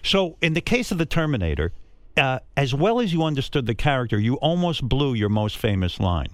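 A man's voice: medium pitch, very animated, brisk, no echo. A man interviewing a guest, asking eager, leading questions. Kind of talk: casual interview chat.

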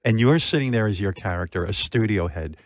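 A man's voice: fairly low pitch, expressive, brisk, no room sound. A man hosting a casual interview, enthusiastic and profane with lots of filler words. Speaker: talk show host.

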